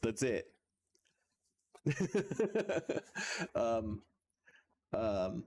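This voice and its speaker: A man's voice: sits low, expressive, slow pace, long pauses, a little mellow, slight background noise. A man streaming casually while practicing a language, talking hesitantly with many fillers and frequent chuckles.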